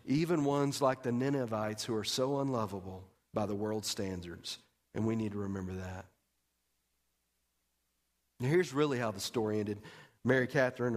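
A male pastor preaching a sermon, telling the story animatedly and swinging between loud and hushed delivery. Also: medium pitch.

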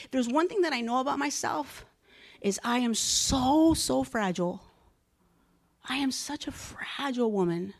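A woman's voice: on the high side, husky. An older woman giving an emotional sermon, earnest and repetitive, often dropping to a whisper. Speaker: church speaker.

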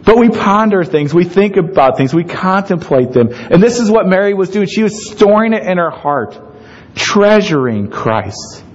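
Animated, conversational man preaching. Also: high-pitched, normal speed, lo-fi sound. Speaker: pastor. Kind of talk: sermon.

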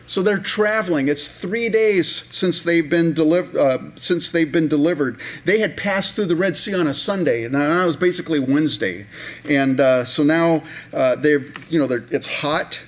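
Man, pastor, conversational sermon, somewhat high voice, fillers and restarts. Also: moderate pace. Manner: acts out voices of people in the story.

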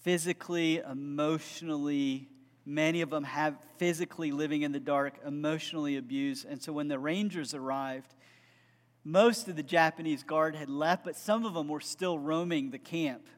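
A man's voice: a little high, steady tone, moderate pace, big-room sound. A man preaching a sermon, telling a story with earnest conviction and closing in fervent prayer. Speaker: pastor.

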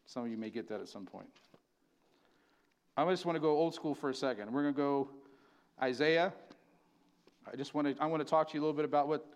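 A man preaching a sermon in a church, reading scripture slowly and building to loud, emphatic bursts. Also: a little high. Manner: slows to read scripture aloud. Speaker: pastor. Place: church sanctuary.

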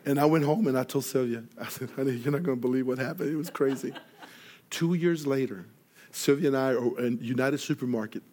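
A man preaching a sermon, telling a story and acting out each person in it, rising loud when excited and falling soft and quiet for earnest points. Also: mid-range voice, fairly quick. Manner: animated storyteller, acts out dialogue, grows loud in excitement. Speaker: pastor.

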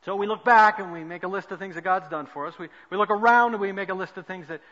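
Preacher, male, bright edge to the tone, long echo of a large hall, earnest delivery. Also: high voice, fast talker. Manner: earnest preaching, swinging between loud emphasis and quiet asides. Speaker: pastor. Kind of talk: sermon. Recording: dull lo-fi sound with long hall reverb.

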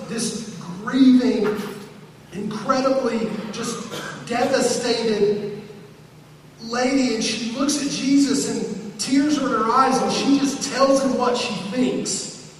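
A man preaching a sermon, speaking dramatically and rising to shouted appeals. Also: extremely high pitch, slow pace, long pauses, a little hiss or hum. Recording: echoey hall from far off.

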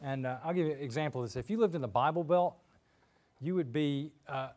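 A man preaching a sermon in a relaxed, conversational way, full of fillers and asides, in a church. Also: fairly high pitch, quick pace. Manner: informal and chatty, with frequent fillers and asides.

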